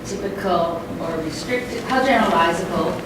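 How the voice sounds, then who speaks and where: A woman with a fairly low voice puts a thoughtful question to the speaker, feeling her way through it. She is far from the microphone, and her voice comes through a very echoey room over loud background noise. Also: moderate pace. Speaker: audience member asking a question. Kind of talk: question from the floor.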